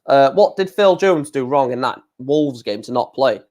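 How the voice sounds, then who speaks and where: A man's voice: mid-range voice, lively intonation, normal speed, a little mellow. A man, casually chatting on a live darts stream, reading out viewer comments in a blunt, frequently swearing way.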